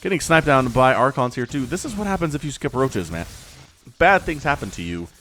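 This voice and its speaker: Lively male esports caster. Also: medium pitch, a little fast, slight background noise. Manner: excitable, laughs often, chatty asides. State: hiccups. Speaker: game commentator. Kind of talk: solo esports play-by-play commentary.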